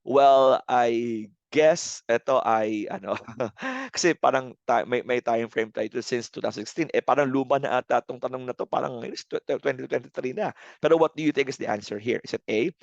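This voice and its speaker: A man's voice: mid-range voice, fairly quick, vocal fry, hardly any pauses, no echo. A man with a Filipino accent, teaching an exam review and walking listeners through the answers, mixing English and Tagalog as he addresses them as friends. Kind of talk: recorded review lecture. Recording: dry, dull lo-fi sound.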